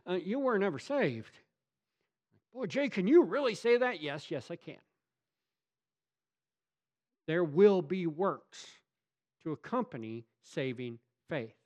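A pastor delivering a sermon, emphatic and swinging from loud to hushed, asking rhetorical questions of the congregation. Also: male voice, fairly high pitch.

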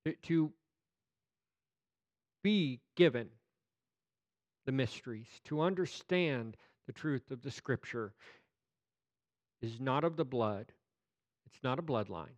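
Animated male preacher. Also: mid-range voice, dry recording, dull audio. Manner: animated, slow deliberate scripture reading with playful asides. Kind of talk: sermon.

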